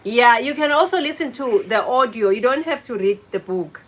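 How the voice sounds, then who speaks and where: A woman with a fairly high, expressive voice hosts a casual livestream, speaking at a normal speed. She chats with viewers, greets them by name, and teases them. The recording quality is low.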